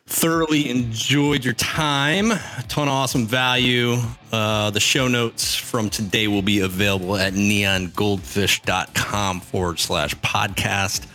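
A man, a podcast host, wrapping up the episode with an upbeat, brisk sign-off. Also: fairly low pitch, fairly even intonation, pushed and bright. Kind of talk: show outro. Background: faint music.

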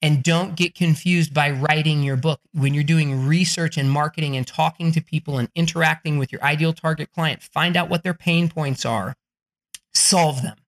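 A man's voice: a little high, fairly even intonation, normal speed. A man, a podcast guest, giving a blunt, profane motivational pep talk.

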